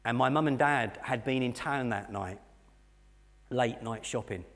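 A middle-aged English man preaching a sermon, telling a personal story earnestly and dropping to soft, intense moments. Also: medium pitch, a little slow. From England. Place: church hall. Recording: long hall reverb.

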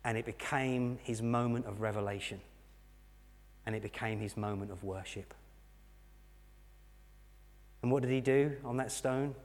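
A middle-aged English man preaching a sermon, telling a personal story earnestly and dropping to soft, intense moments. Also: medium pitch, fairly even intonation, a little slow, pauses often. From England. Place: church hall. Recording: long hall reverb.

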